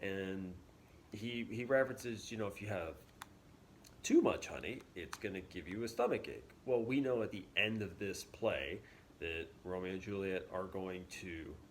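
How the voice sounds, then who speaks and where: A male teacher explaining a play in a relaxed, chatty way, with plenty of fillers. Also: low voice, normal speed, slight background noise. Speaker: English teacher. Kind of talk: casual classroom video lesson.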